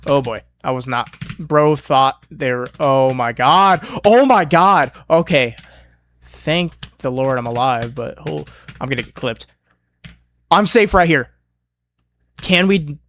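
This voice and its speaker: A male streamer mutters and swears his way through a hard level, coaching himself out loud. His pitch sits in a middling range. Faint keyboard clicks tick in the background. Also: a little slow, a little hiss or hum. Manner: profane, excitable, talks himself through attempts. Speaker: streamer playing a platformer. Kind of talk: casual self-talk while gaming.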